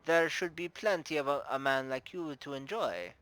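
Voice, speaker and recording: A man's voice: fairly high pitch, animated, moderate pace, fairly bright tone, clean tone, poor audio. A man voicing a shrewd, playful madam who runs her house with formal, teasing grace, in a put-on Russian accent. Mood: gracious. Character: shrewd playful female brothel madam, middle-aged. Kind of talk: tabletop game character voice.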